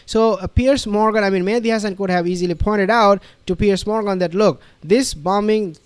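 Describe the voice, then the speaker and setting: A man's voice: high-pitched, steady tone, brisk, clean tone, no echo. A man commenting on a played interview clip, emphatic and repetitive, with frequent fillers and restarts. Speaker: online commentator.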